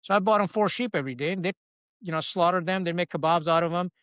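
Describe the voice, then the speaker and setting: A retired Marine officer from Pakistan, guesting on a podcast, tells his stories bluntly and with salty language in candid conversational storytelling. His fairly high voice is smooth and fast, and he's an animated storyteller. The room sounds dry, with almost no echo.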